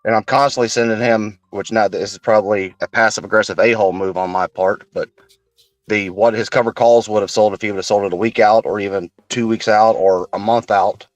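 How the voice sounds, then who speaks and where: Lowish voice guy rambling on in a live chat, wry, dry audio. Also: steady tone, a little fast, no echo, low-quality recording. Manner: long rambling anecdotes, wry. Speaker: participant.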